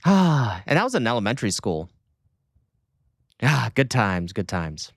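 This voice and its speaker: A man streaming casual reaction commentary, talking in an animated, sarcastic and mocking way. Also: medium pitch, a little slow, creaky, no echo, clean studio sound.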